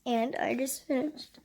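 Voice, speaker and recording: With noise in the background, a high-pitched teenage girl records a casual vlog at home in her bedroom. She's gushing over completing a book series, frequently whispering and crying out "oh my gosh."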